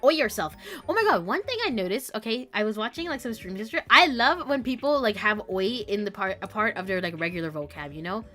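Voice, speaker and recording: A young woman, a streamer chatting casually with her live chat, giggly and quick to react. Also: medium pitch, expressive, pushed and bright, faint music behind. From Canada.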